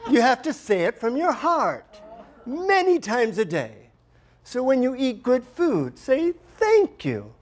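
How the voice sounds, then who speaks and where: A patient, wise old teacher of the spirit, as a man puts him on, speaking high and light. He lays out his lesson gently and in measured steps. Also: huge pitch swings, exaggerated voice. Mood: instructive. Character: calm wise male guru in India, patient teacher.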